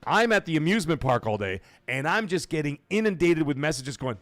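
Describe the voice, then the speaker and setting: A middle-aged man from Canada hosting a live gaming stream, telling stories in a rambling way, cursing freely and getting loud when he is excited. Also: fairly high pitch, brisk, hardly any pauses, no echo. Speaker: livestream host. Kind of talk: casual live-stream chat.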